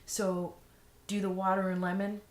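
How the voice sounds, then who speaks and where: A woman's voice: mid-range voice, little pitch movement, moderate pace. A woman vlogger giving frank, rambling advice in a casual monologue, full of fillers and restarts. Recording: echoey room, faint noise.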